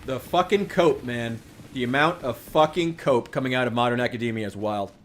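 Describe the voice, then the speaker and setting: A man's voice: medium pitch, fairly quick, slight background noise. A man chatting casually while streaming a game, ranting with profanity and sarcasm. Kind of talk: casual gaming stream chat.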